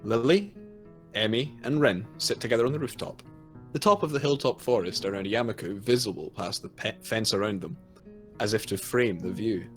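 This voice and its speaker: A man's voice: fairly low pitch, lively intonation, moderate pace, soft background music. A man reading a visual novel's narration aloud during a let's play, joking and swearing between passages. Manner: jokey, swears freely, breaks into laughter. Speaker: let's play co-host reading the game text. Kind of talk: reading game narration aloud with casual banter.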